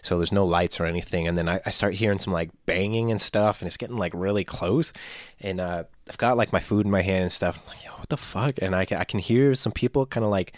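A man on a casual podcast, telling a story with animated, loud quoted outbursts and plenty of swearing. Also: deep voice, quick pace, no room sound. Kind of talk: casual chat, acting out a story.

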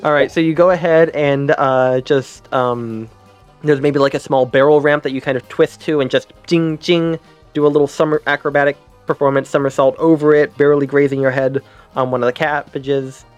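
A man's voice: medium pitch, steady tone, normal speed, clean tone, soft background music. A man narrating as game master in a tabletop game, rambling loosely with many fillers.

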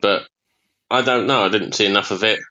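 A blunt, opinionated man on a casual podcast. He talks quickly in a fairly low but sharp, bright voice, and his recording sounds a little dull and lo-fi. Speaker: podcast co-host.

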